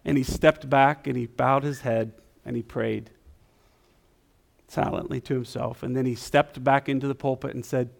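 A man preaching a sermon in a church, talking in a conversational, self-deprecating way and softening into quiet prayer. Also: medium pitch, fairly even intonation, moderate pace, creaky. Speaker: guest preacher. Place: church sanctuary.

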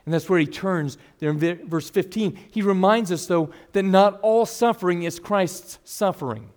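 Earnest preacher man, fairly high voice. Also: moderate pace. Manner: earnest preaching, swings between loud emphasis and hushed asides. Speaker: pastor. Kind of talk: expository sermon.

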